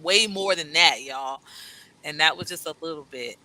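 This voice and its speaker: A woman hosting a casual live stream, animated and laughing often as she reads viewers' comments aloud. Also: sits low, normal speed, rough recording. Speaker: host.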